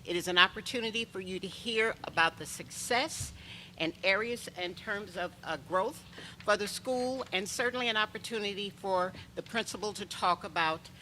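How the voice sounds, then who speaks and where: A woman, a district administrator, formally opening a presentation to a school board, soft-spoken and ceremonious, into a meeting microphone. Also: mid-range voice, moderate pace, a little hiss or hum, rough recording.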